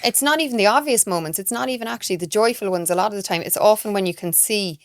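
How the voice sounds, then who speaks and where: A woman's voice: medium pitch, fast, no echo, clean studio sound. A well-spoken Irish woman co-hosting a sports podcast, reflective and agreeable in casual chat. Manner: reflective, agreeable, trails into restarts. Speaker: podcast co-host, sports analyst.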